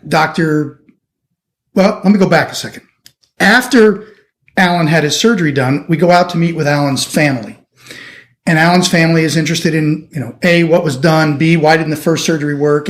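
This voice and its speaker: A middle-aged surgeon from the United States telling a lively anecdote in an interview, acting out the people he quotes. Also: a little high. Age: 50s. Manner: animated anecdotal storytelling, acting out quoted voices. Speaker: orthopedic surgeon guest. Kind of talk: storytelling interview.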